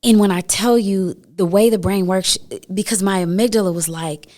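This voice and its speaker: A middle-aged woman from the United States, a guest telling a story in a lively way and acting out the voices of the people in it. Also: medium pitch, moderate pace. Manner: animated storyteller who acts out quoted voices. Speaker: guest, breathing educator. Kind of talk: conversational storytelling.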